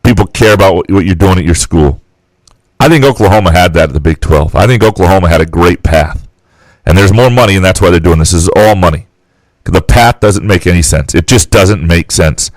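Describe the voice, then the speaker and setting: A man co-hosting a podcast, chatting casually and giving brisk, opinionated takes on sports. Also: low voice, no echo, rough recording. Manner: brisk, opinionated, thinking aloud. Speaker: podcast co-host.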